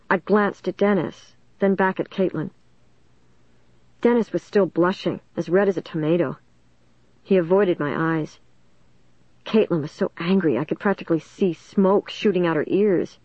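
A woman reading a first-person audiobook in a steady, measured way. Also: fairly low pitch, no room sound, muffled recording. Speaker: audiobook narrator.

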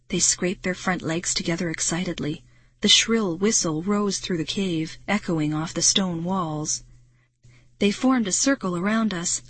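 Husky woman narrating a children's audiobook. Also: lowish voice, no room sound. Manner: brisk, dramatic storytelling. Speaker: audiobook reader.

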